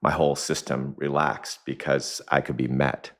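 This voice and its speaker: A man's voice: very deep voice, little pitch movement, normal speed. A man who works as an executive coach, a guest on a podcast, explaining ideas reflectively through anecdotes and chuckling often, recorded in a home kitchen. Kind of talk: conversational podcast interview.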